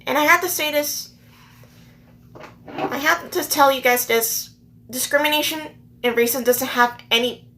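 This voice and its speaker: Brief: woman vlogger, emotional rant, fighting tears, insistent repetition, fairly high and bright. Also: moderate pace. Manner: earnest, upset, repeats herself for emphasis. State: holding back tears. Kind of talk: emotional personal rant to camera.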